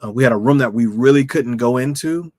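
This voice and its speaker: Pastor, male, conversational sermon delivery, mid-pitched voice, dry close sound, repeats key questions. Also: fairly quick, no room sound. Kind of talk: sermon-style teaching to camera.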